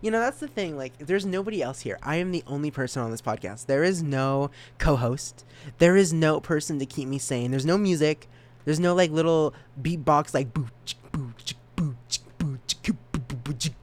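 Rambling young man with sudden animated leaps. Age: 20s. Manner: rambling, self-mocking, stumbles and repeats words; animated jumps in pitch and volume. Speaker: podcast host. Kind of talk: casual solo podcast rambling.

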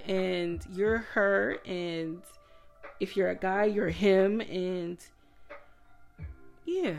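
A woman with a fairly low voice hosts her own podcast, thinking out loud in a casual, reflective way. She keeps asking rhetorical questions, laughs at herself now and then, and her emotion is close to the surface. Soft music plays faintly behind her. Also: gravelly. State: emotional, voice breaking. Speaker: podcast host. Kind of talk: casual solo podcast monologue.

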